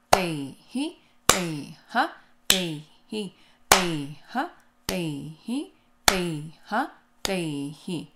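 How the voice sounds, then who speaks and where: Indian woman teaching dance, chanting rhythm syllables. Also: mid-range voice. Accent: Indian English. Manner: explains patiently, chants rhythm syllables in time. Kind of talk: recorded dance lesson, reciting syllables.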